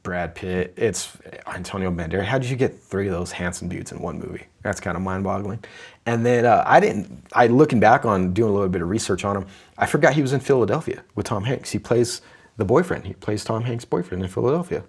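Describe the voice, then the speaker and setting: A man's voice: fairly low pitch, brisk, vocal fry, slightly rough. A man co-hosting a comedy podcast, chatting casually and teasing his friend with bursts of laughter. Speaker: podcast co-host.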